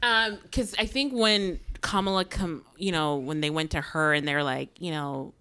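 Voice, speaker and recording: A woman co-hosting a podcast, in casual chat, retelling moments with lively acted-out quotes. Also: deep voice, moderate pace, smooth. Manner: animated storytelling, acts out quotes. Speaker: podcast co-host.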